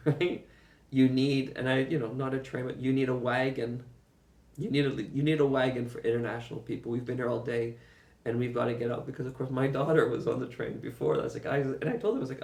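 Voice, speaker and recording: Gravelly man telling a travel story. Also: medium pitch, steady tone, fairly quick, a little mellow. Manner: rambling, emphatic, swears, chuckles often. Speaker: vlogger recounting his own journey. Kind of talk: casual first-person storytelling. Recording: roomy echo, mic far off.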